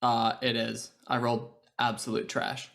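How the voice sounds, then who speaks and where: A man's voice: medium pitch, monotone, measured pace, gravelly, a bit bright. A man playing a tabletop game, joking and working out damage aloud. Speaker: player. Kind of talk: casual tabletop play.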